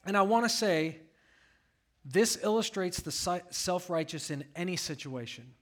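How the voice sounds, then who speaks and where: A man's voice: high-pitched, lively intonation, moderate pace, a bit bright. A pastor preaching a sermon, reading scripture aloud and asking his congregation rhetorical questions.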